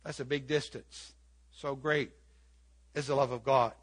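A man's voice: medium pitch, steady tone, unhurried, slightly rough. An older man preaching an earnest sermon in church, repeating key phrases and quoting scripture. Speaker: pastor.

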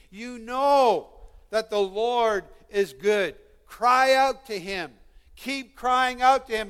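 Male preacher, high and bright-toned, fervent and pleading sermon delivery, long hall reverb. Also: smooth. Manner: earnest, pleading, rising to fervent calls.

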